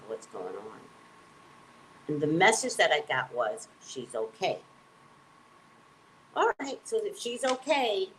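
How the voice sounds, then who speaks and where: Low-voiced woman telling an emphatic story. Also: a little hiss or hum, poor audio. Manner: emphatic, animated, acts out quoted dialogue. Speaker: psychic reader. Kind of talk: personal storytelling.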